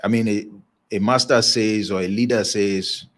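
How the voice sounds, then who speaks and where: Here the same kind of motivational leadership talk comes in a man's lower-leaning voice, steady in intonation and moderate in pace. His delivery is emphatic and sermon-like, driving points through repetition, with occasional chuckles.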